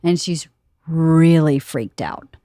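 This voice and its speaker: Animated woman in her fifties telling a story. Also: low-pitched, takes it slowly, dry recording, clean studio sound. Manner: animated storyteller who laughs often and acts out quotes. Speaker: podcast host. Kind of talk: casual chat. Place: home studio room.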